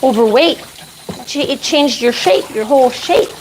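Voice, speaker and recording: A woman with a higher voice chats casually while grooming a dog, talking to the animal and to her viewers at the same time. The sound comes from a grooming room with a bath. Running water and clippers are clearly heard behind her. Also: measured pace, a little hiss or hum, poor audio. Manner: chatty, talks to the dog and viewers while working. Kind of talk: casual live-stream chat while grooming.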